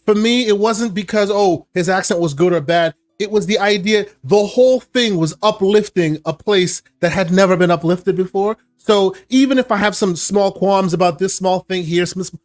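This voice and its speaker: A man's voice: high-pitched, normal speed, hardly any pauses, faint music behind. A man hosting a casual podcast, reading viewer comments and speaking emphatically with repeated affirmations. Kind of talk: casual podcast chat, reading super chats.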